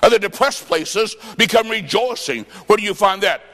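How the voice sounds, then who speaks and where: A man preaching a revival sermon with folksy stories, impassioned and shouting at the peaks. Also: sits high, lively intonation, normal speed. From Illinois. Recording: echoey hall with long reverb.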